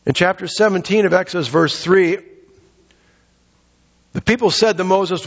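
A man's voice: a little high, moderate pace, pauses often, slightly rough. A man preaching a sermon in a conversational way, asking rhetorical questions and voicing the people he quotes. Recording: dull lo-fi recording in a reverberant hall.

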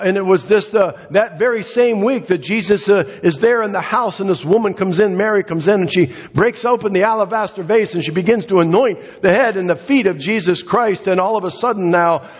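A male pastor preaching a sermon, emphatic and repetitive, swinging his pitch up and down and short of breath. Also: husky, long reverb tail, muffled recording. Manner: emphatic, repeats phrases, dramatic pitch swings. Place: church sanctuary.

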